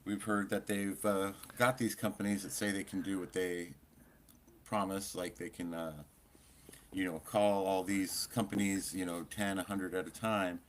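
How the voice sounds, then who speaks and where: A man co-hosts a casual live stream, rambling loosely with plenty of fillers. His voice sits low. A faint hum of noise runs behind him. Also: fairly even intonation, a little slow. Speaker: co-host.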